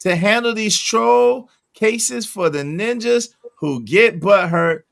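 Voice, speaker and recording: A man hosting a casual online chat, talking in animated, slangy, teasing bursts. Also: high voice, slow, gravelly. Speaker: host.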